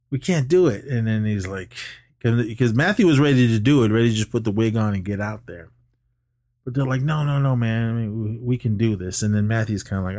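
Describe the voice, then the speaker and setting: A man's voice: mid-range voice, no room sound. Dry-voiced man recapping a movie. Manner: animated retelling, acts out characters' lines. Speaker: podcast co-host.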